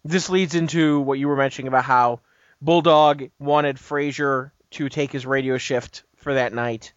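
A man's voice: mid-range voice, fairly even intonation, normal speed, dry recording. Rambling man recapping, dull dry audio. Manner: rambling retelling with frequent "you know" and "uh". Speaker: podcast co-host. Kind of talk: casual episode recap.

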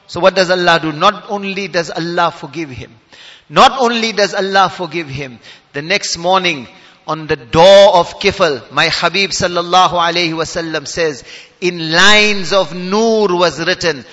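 A man delivers an impassioned sermon, his voice high and bright. He drops to a hush and then rises loud, and rattles off Arabic verses at speed. The sound carries a long hall reverb. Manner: impassioned, swings from hushed to loud; recites Arabic verses rapidly. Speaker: preacher.

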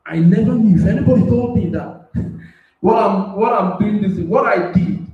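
High-voiced preacher man, echoey and distant. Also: normal speed, narrow, tinny audio. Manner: swings between loud shouting and soft asides, laughs often. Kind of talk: sermon. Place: radio platform.

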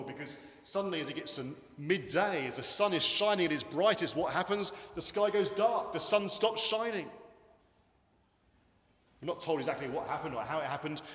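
A man preaching a sermon in a church, earnest and emphatic, with dramatic pauses. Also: on the high side, fairly bright tone. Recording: echoey hall with long reverb.

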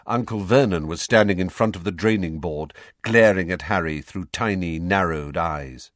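A man reading a novel aloud in an expressive storybook narration. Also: sits low, normal speed, dry recording, clean studio sound. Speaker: audiobook reader.

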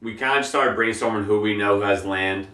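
A young man with a very deep voice talks in a relaxed, rambling way, dotting his speech with fillers. He is a guest describing his work as a grower. He sounds set back from the mic in an echoey room. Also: a little fast, far from the mic. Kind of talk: casual interview chat.

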